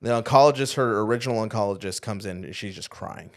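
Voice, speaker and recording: A man with a fairly low voice tells a personal story as a podcast guest and youth pastor. He talks in an animated way, slipping into the voices of the people he quotes, with plenty of "like" in between. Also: fast talker. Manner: animated, acts out quoted dialogue, heavy use of "like". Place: podcast studio.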